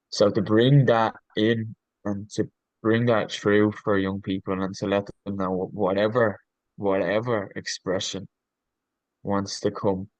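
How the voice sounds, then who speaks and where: A man with a voice on the low side, recorded roughly with no room sound, speaks as a leadership coach guesting on a podcast. He talks reflectively and earnestly, often restarting sentences and searching for words with ums.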